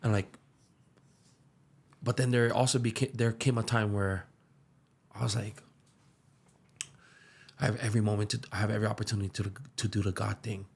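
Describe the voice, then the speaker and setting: Gravelly low-voiced young man. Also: flat delivery, normal speed, long pauses. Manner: earnest, slips into soft hushed tones when emotional. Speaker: musician and aspiring pastor. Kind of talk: candid podcast storytelling.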